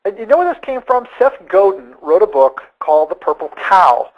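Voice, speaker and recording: A man hosting a sales webinar, telling a story in an animated, conversational way with quick asides. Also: high-pitched, narrow, tinny audio. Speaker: webinar host.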